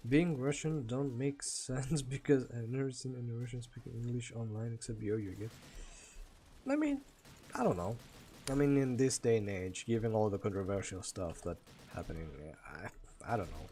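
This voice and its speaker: A man's voice: mid-range voice, normal speed, warm tone, slight background noise. A man from Greece with a Greek accent, chatting casually and laughing often while streaming a game and answering chat.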